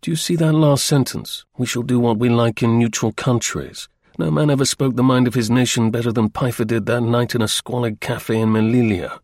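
A man voicing a calm, shrewd British intelligence officer in an audiobook reading. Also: medium pitch, brisk, no echo, clean studio sound, natural voice. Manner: imperturbable, dryly confident. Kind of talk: audiobook character voice.

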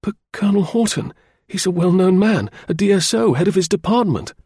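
A man's voice: mid-range voice, level tone, brisk, creaky, darkish tone, husky, dry recording, studio quality, voice pushed up, heavily acted. A man doing a strained, anxious young husband. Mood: incredulous. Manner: strained, pleading.

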